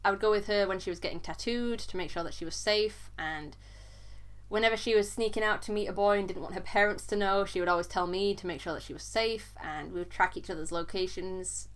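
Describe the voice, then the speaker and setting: Speaking at medium pitch, a young woman vlogger shares a personal story in an earnest, faltering way. At times she repeats words while trying to push on.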